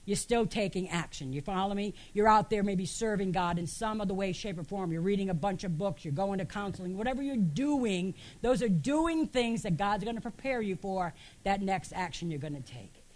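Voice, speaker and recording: A woman's voice: mid-range voice, normal speed, hardly any pauses, a little mellow. A woman pastor preaching an emphatic sermon in a church, asking her congregation rhetorical questions.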